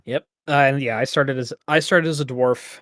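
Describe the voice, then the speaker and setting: A man's voice: medium pitch, fairly even intonation, moderate pace, a bit bright, no room sound, clean studio sound. A man co-hosting a casual gaming podcast, rambling and laughing often. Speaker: podcast co-host.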